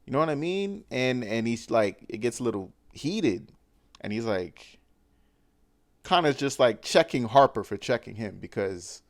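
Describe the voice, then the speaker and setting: A man's voice: mid-range voice, animated, unhurried, creaky, no room sound, clean studio sound. A man hosting a podcast, recapping a film in a loose, slangy way with lots of fillers and restarts. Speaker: podcast host. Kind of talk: casual movie recap.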